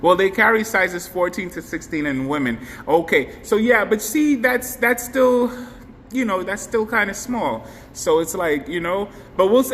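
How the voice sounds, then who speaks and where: A man's voice: high-pitched, animated, a little slow, a bit bright. A man hosting a casual live stream, chatting effusively and thanking viewers by name. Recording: faint background noise, long hall reverb.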